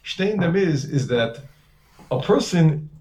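A man's voice: on the high side, animated, takes it slowly, a little mellow. Man giving a casual Torah talk. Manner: conversational, heavy Hebrew and Yiddish terms, repeats words. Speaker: rabbi teaching a class. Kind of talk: Torah lecture.

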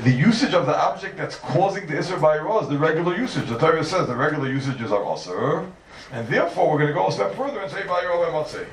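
A man teaching a Talmud class, driving home each point by restating it with energy. He sounds set back from the microphone, and his voice rings around the room. A faint hiss of noise sits underneath. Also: fairly high pitch. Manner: animated, repeating points for emphasis. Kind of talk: Talmudic lecture. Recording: echoey room, distant mic, faint noise.

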